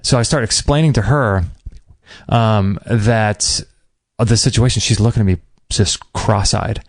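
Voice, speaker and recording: A man hosting a podcast, telling a personal story in a casual, animated way and acting out what people said. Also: fairly low pitch, unhurried, dry recording, clean studio sound. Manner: animated, acts out quoted dialogue; emotional, near tears at times. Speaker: podcast host.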